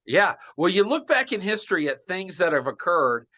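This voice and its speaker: A man's voice: sits high, sing-song, normal speed, bright, forceful tone, dull audio. A man co-hosting a podcast, chatting casually about politics and making bold predictions. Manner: opinionated, makes bold predictions. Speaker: podcast co-host.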